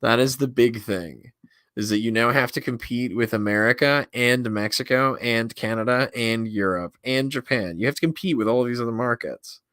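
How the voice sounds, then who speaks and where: A man's voice: mid-range voice, normal speed, fairly bright tone, dry recording, studio quality. Crude, mocking male streamer. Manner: crude, mocking and incredulous, heavy swearing. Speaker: streamer reacting to a video. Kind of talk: casual reaction stream.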